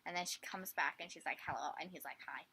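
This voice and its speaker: A woman's voice: on the low side, fast talker. A young woman telling a made-up story to friends in a casual, giggly way and acting out the lines. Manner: giggly, animated, acts out quoted lines. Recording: noisy home video.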